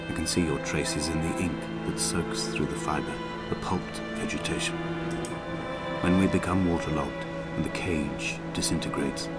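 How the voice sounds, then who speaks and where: A man voicing a haunted, poetic narrator in a game, reciting slowly and gravely. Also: a bass voice. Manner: slow, grave, literary recitation. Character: haunted male narrator of a lonely island, brooding and poetic. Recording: voice-over under loud game music.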